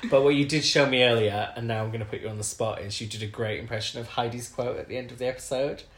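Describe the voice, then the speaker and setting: A man's voice: medium pitch, steady tone, quick pace. A man co-hosting a casual podcast chat, teasing and laughing often. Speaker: podcast co-host. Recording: roomy echo.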